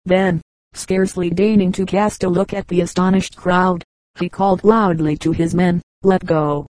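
A woman reads a story aloud in a steady, even narration. Her voice sits low and mellow, with little change in pitch. The sound is close and dry. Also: moderate pace, dry recording, low-quality recording. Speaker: audiobook reader. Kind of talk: scripted narration.

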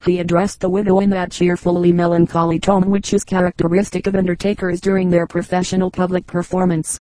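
Lady reading old joke book aloud, dark mellow voice, dry close mic. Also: on the low side, flat delivery, a little fast, dry recording, low-quality recording. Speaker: audiobook reader. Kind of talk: scripted narration of a joke book.

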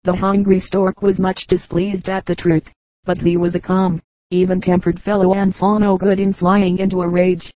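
A woman narrates fables with a measured, steady delivery. Her voice sits low and warm, kept flat in its melody. The sound is dry and close to the mic. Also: dry recording, poor audio. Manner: measured, even reading. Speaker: audiobook narrator. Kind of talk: scripted storybook narration.

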